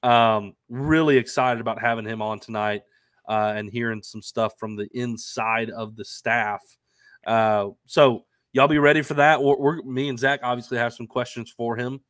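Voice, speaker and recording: A man's voice: mid-range voice, fairly even intonation, normal speed, a bit bright, no room sound, clean studio sound. A man co-hosting a casual sports talk stream, sounding stuffy and nasal from allergies, upbeat and chatty with lots of fillers. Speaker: co-host. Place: at home in Arkansas. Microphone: remote stream microphone.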